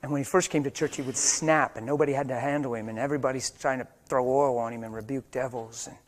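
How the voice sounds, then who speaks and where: An older white-haired preacher telling a story in a sermon, dropping to hushed whispers and rising to loud, fervent preaching before a live audience. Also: male voice, medium pitch, steady tone, quick pace, a little hiss or hum. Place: church or meeting hall before a live audience.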